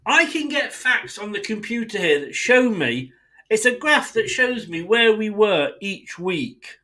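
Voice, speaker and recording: An exasperated English man delivers a blunt, sweary fan rant. His voice sits high for a man and swings widely in pitch. He slips into quick mimicry of other people as he makes his case. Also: very animated, sharp tone. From England. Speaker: football fan channel host.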